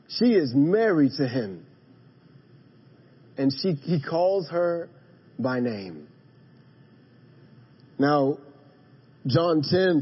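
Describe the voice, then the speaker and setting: A male pastor preaching a sermon in a church, moving from hushed emphasis to emphatic calls to his congregation. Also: sits high, slightly rough, muffled recording. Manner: dynamic preaching, drops to a hush then rises to emphatic calls; addresses the congregation directly. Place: church sanctuary.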